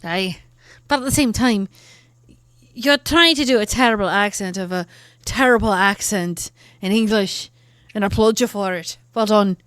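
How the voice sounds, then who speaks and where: A woman's voice: medium pitch, normal speed, clean tone, no room sound, clean studio sound. A woman with an Irish accent, playing a tabletop role-play game and teasing the others. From Ireland. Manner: playful, teasing, lively banter. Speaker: player.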